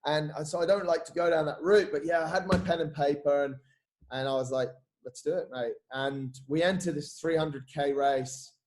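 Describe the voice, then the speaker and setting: Bloke on a podcast, lively storytelling, swears a lot, voice sits a little high. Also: male voice, normal speed. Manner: animated, swears freely, says "mate" a lot. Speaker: podcast guest, coach. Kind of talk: casual storytelling chat.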